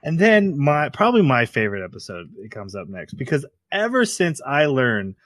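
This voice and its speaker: A man's voice: mid-range voice, huge pitch swings, normal speed, a bit bright, no echo, clean studio sound. A man hosting a casual podcast, rambling through an anime episode, laughing often and acting out quotes. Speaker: podcast host.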